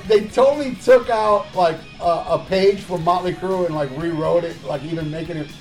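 Sarcastic high-voiced man, crude chat. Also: moderate pace, faint music behind. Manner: sarcastic, swearing, laughing often. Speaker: podcast host reviewing albums.

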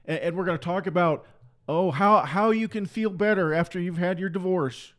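Man preaching, fiery sermon, higher-pitched voice, forceful, mocking, repetitive. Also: moderate pace.

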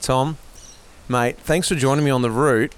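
Upbeat man, smooth voice. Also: mid-range voice, moderate pace. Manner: upbeat, chatty, interviewing riders. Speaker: podcast host. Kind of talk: casual chat while cycling. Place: outdoors on a bike route.

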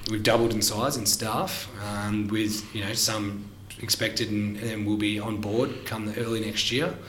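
A man's voice: on the low side, flat delivery, unhurried, a bit bright. Chatty man in an echoey room. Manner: upbeat, chatty, many fillers. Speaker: podcast co-host. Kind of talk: casual business podcast chat. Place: studio room. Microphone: desk microphone. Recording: echoey room, faint hiss.

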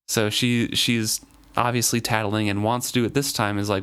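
A man's voice: lowish voice, flat delivery, moderate pace, hardly any pauses, fairly bright tone, clean tone. A man hosting a book discussion, reading passages aloud and talking through them earnestly. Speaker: podcast host discussing a novel. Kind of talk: casual chat and reading aloud.

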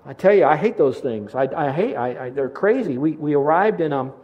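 Animated older male preacher, fairly high voice. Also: fairly quick, dull audio. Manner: animated storytelling, swings from loud to hushed; repeats words when excited. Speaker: pastor. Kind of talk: sermon.

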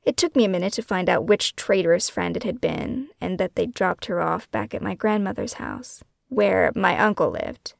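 A woman author reading her own memoir as scripted first-person narration, hushed and often falling into a breathy whisper. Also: mid-range voice, sing-song, normal speed, hardly any pauses, dry recording, clean studio sound. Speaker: author and podcast host.

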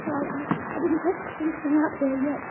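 A woman's voice: high voice, little pitch movement, fairly quick, narrow, tinny audio, natural voice. An actress playing an anxious young woman worried for her father in a 1940s radio drama. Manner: anxious, questioning. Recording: scratchy noisy 1940s radio broadcast.

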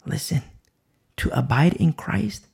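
Gravelly, husky preacher man, lively pitch. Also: slow, whispered. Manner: emphatic, repetitive rhetorical questions, swings from loud to hushed. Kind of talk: sermon.

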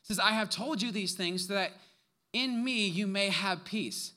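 High, bright-voiced young man preaching. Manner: animated storytelling with laughs and quick asides. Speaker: pastor. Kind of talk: sermon.

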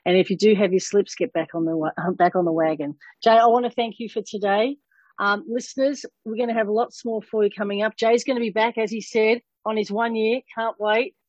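A female podcast host with a husky voice and an upbeat, encouraging manner. Her voice sounds dry and close, with dull, lo-fi audio. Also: medium pitch, steady tone, brisk, darkish tone, dry recording. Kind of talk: casual podcast chat.

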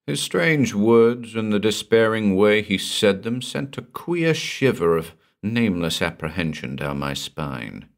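Deep-voiced male audiobook narrator. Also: big pitch swings, a little slow, creaky, hardly any pauses. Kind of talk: scripted story narration.

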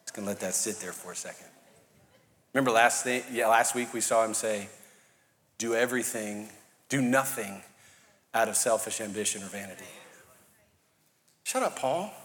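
A man's voice: lowish voice, normal speed, long pauses. A man preaching a sermon to a congregation with a New Orleans Cajun accent, talking casually and joking with the crowd. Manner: conversational, joking, building to shouting. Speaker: pastor. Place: church auditorium. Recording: long hall reverb.

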